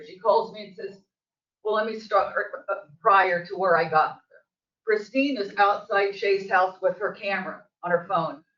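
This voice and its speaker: An older woman, a local resident giving public comment at a board meeting, telling her story in an agitated, emphatic way. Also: medium pitch. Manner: agitated, emphatic storytelling, voice rising toward the end. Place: district office meeting room. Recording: distant, echoey, dull meeting-room audio.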